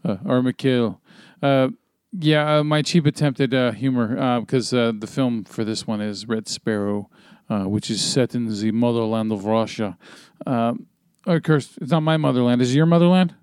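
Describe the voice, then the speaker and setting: This podcast host has a mid-range, darkish voice that is clear and resonant, and he speaks at a normal speed. Reading out a plot summary, he recaps the film in a rambling style full of fillers, ums, and casual swearing. It is a studio-quality recording with no room sound.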